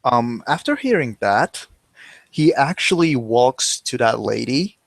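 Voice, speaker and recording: A man's voice: medium pitch, animated, slow, creaky, dry recording. A man playing a tabletop role-playing game, hesitantly describing what his character does. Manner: hesitant, many ums. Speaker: player.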